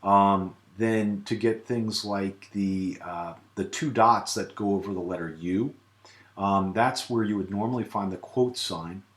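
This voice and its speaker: A man giving a relaxed screen-recorded software tutorial, with many filler sounds. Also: on the low side, measured pace, reverberant. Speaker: tutorial presenter.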